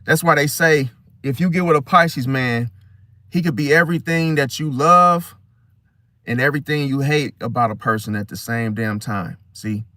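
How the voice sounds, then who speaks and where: A man talking casually to the camera about a star sign. He often ends a point with a low, quiet "see?". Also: dry recording, studio quality. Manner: conversational, repeats "see?" with a dropping voice. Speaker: astrology video host. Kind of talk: casual monologue.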